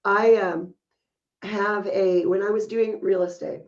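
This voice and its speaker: A woman's voice: mid-range voice, fairly even intonation, slow pace, a little mellow. Woman on a podcast, chatty and laughy, bit of a dull lo-fi sound. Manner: laughs often while telling stories. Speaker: podcast co-host. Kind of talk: casual chat.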